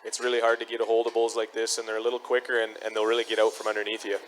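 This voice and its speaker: A man giving expert commentary on bull riding, explaining the bulls in a quick, matter-of-fact way. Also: on the low side, completely flat delivery, fairly bright tone, a little hiss or hum, low-quality recording. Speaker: color commentator.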